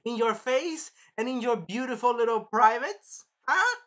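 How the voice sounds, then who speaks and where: Reviewer putting on a smug young hero, slow and mocking, bright voice. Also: medium pitch, expressive, pitched above the performer's own voice. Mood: taunting. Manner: slow, mocking, drawn-out taunts.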